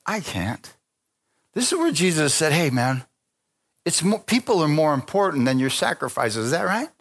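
A man preaching a sermon in a church, telling a story with acted-out voices and frequent laughter, calling on the congregation. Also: medium pitch. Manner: lively storytelling preacher, acting out quoted voices, laughing often. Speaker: pastor. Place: church sanctuary.

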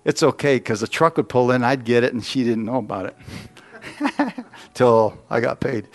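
A man's voice: medium pitch, expressive, slow, long pauses. A middle-aged man preaching a sermon, telling folksy personal stories and putting questions to the congregation.

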